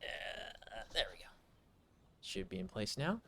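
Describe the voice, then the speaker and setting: A man's voice: a little high, sing-song, vocal fry, fairly bright tone, slight background noise. A man streaming a video game, commenting casually with joking, profane asides. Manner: joking, profane, slow and drawn out.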